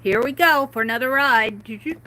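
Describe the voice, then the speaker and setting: A woman's voice: on the high side, fairly quick, sharp tone, a little hiss or hum, rough recording. A woman hosting a casual art livestream, chatting and reading quotes aloud with amused comments. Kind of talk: casual craft livestream chat.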